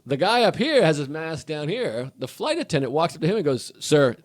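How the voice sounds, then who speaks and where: A man's voice: fairly high pitch, sing-song, brisk. A man telling a rambling anecdote in casual podcast chat, with hesitant restarts. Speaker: comedian telling a story.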